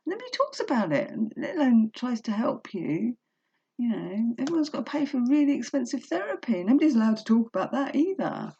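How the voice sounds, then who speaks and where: A woman with a fairly high voice, vocal fry and a darkish tone reads a self-help book aloud for her casual home vlog, drifting into chatty, emotional tangents with laughs and self-talk. The laptop webcam recording is dull and lo-fi, carrying a little hiss or hum.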